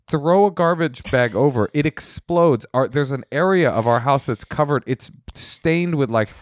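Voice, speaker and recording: A man in his thirties co-hosts a podcast, chatting casually and comically and rambling through stories with many restarts. His pitch swings widely, and the recording is dry and close. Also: no echo. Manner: animated, rambling storyteller with restarts. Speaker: podcast co-host. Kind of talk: casual comedic chat.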